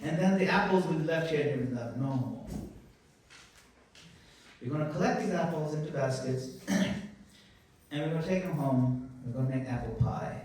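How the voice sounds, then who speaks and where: A man closes a conference with warm, playful storytelling. His voice sits a little higher than most men's. He is heard from far off in a large, very echoey hall. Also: normal speed, a little hiss or hum. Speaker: conference moderator. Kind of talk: closing remarks at a conference.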